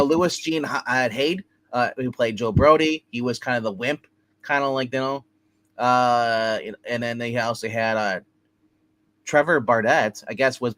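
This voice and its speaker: A man with an average-pitched voice chats about an old film's cast. He rambles and halts, restarting his sentences as he goes, in a relaxed review-show manner. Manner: rambling, halting, many restarts and fillers. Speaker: movie review show co-host. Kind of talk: casual movie review discussion.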